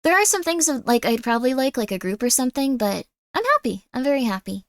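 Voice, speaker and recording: A woman's voice: high-pitched, lively intonation, fast, no room sound. A woman streamer chatting casually and bubbly with her viewers on a streaming mic. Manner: bubbly, chatty, reacting to chat.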